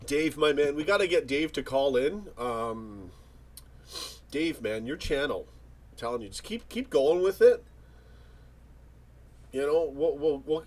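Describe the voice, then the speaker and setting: A man hosts a casual live chat, reading out comments and rambling through jokes and banter. His voice is husky, and his pitch swings widely from line to line. He often restarts his sentences mid-thought. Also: darkish tone. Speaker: livestream host.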